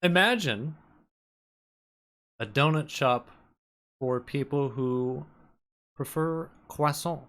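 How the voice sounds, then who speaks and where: Deadpan, profane man podcaster. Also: on the high side, slow, pauses often. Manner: deadpan and profane, acting out characters' lines. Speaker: podcast co-host. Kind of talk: casual book club chat.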